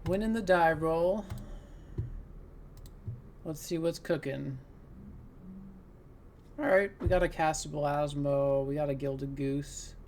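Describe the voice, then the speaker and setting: A man's voice: fairly high pitch, fairly even intonation, takes it slowly, pauses often, a little mellow, a little hiss or hum. A man commenting on his own card game as he plays, thinking aloud and groaning at bad luck. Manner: talks through plays, exasperated, laughing groans. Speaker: gaming content creator. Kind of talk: live gameplay commentary.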